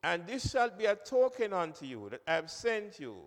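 Animated high-voiced male preacher. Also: moderate pace. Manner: emphatic, repeats key phrases, calls on listeners by name. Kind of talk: sermon. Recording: long reverb of a hall.

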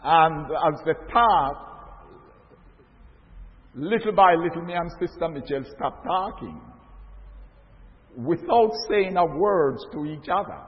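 An older man preaching a sermon, telling a story slowly and rising to loud, emphatic stresses. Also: fairly high pitch. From Jamaica. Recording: echoey hall, dull lo-fi sound.

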